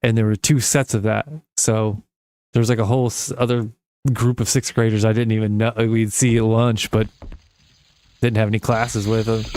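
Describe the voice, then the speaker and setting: A young man hosting a gaming channel, telling long rambling stories and swearing casually while he plays, with quick jumps in pitch when he imitates people. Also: darkish tone. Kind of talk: casual let's-play chat while gaming.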